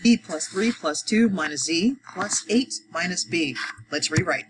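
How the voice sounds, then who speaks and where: A woman walks learners through a math problem one step at a time. She counts out loud, pauses often, and talks in an easy, unhurried way. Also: on the low side, lively intonation, slight background noise, rough recording. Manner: talks through each step, counts aloud, frequent fillers. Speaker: adult education math teacher.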